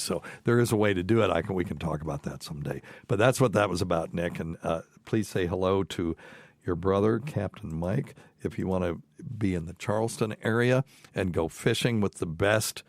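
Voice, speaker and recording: Middle-aged male podcast host, light Southern accent, low voice, dry close sound, folksy and rambling. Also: moderate pace, no echo. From mountains of North Carolina. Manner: rambling, folksy, many fillers and restarts. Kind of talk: casual chat.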